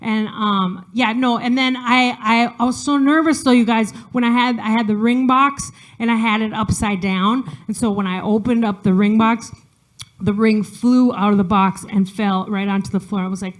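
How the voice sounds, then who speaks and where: A woman performs a stand-up set in a chatty, self-deprecating way, full of fillers and quick restarts. Her voice sits a little higher than most women's. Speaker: stand-up comedian. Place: studio, audience not audible.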